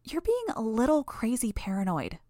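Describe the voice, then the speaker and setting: Woman doing squeaky bratty audiobook girl Imp. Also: wildly swooping pitch, moderate pace, warm tone, dry recording, clean studio sound. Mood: teasing. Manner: high squealing teasing. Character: bratty young woman, mocking and easily grossed out.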